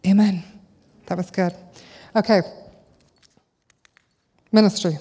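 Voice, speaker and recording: A woman's voice: mid-range voice, steady tone, slow pace, warm tone, husky. A middle-aged woman giving a conversational sermon to a church audience, full of rhetorical questions. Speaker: speaker at a church gathering. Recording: long hall reverb.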